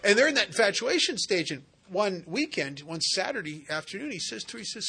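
At a recovery meeting, a man shares his story, telling funny tales about relationships in a folksy, wisecracking, emphatic way. His voice is high, gravelly, pushed and bright, sing-song and fairly quick with few pauses.

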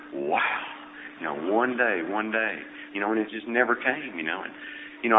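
A man's voice: on the low side, slight background noise. A man telling his own story of teenage shyness and drinking in a plainspoken way, with frequent "you know" fillers. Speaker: speaker sharing his recovery story. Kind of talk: personal testimony talk. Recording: tinny lo-fi sound in a long-reverb hall.

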